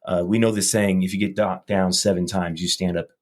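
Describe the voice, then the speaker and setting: A man's voice: deep voice, level tone, brisk. A man in his thirties, a gym owner chatting as a podcast guest, earnest and rambling, often repeating words. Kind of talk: casual interview chat.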